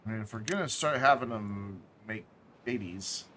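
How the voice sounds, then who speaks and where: A man's voice: fairly low pitch, normal speed, pushed and bright, a little hiss or hum. A man casually commenting while playing a game on a live stream, thinking aloud, correcting himself and dropping jokey asides.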